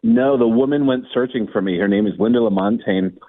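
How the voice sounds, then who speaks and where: A man's voice: on the low side, brisk, phone-quality sound. A male comedian telling a story as a guest and acting out the people in it. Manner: lively anecdote-teller who acts out the people he quotes. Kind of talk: animated storytelling.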